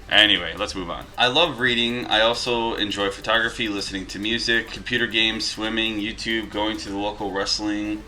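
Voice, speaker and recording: A lowish, sharp-toned male voice belongs to a vlogger in his thirties from Western New York, USA. In a casual vlog at home, he reads viewer mail aloud and adds asides as his dogs wrestle behind him.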